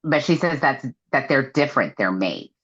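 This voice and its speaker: A woman's voice: a bass voice, sing-song, normal speed, husky, dull audio. A woman co-hosting a casual book podcast, retelling scenes and quoting the characters with lots of fillers. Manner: retells scenes with quoted lines, many fillers. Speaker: podcast co-host. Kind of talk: casual book recap chat.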